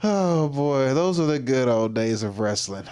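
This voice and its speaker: A man's voice: on the low side, expressive, moderate pace. A man hosting a reaction livestream, talking casually and rambling with lots of fillers and restarts. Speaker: livestream host.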